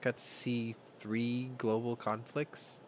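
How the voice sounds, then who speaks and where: A man's voice: medium pitch, little pitch movement, takes it slowly, a little hiss or hum. A man hosting a news commentary show, talking bluntly with heavy profanity and open anger. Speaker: host.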